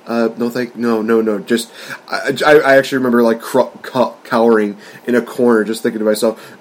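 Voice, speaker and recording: A man's voice: medium pitch, steady tone, normal speed, slight background noise. A man co-hosting a casual wrestling podcast, rambling and laughing often as he talks. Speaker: podcast co-host.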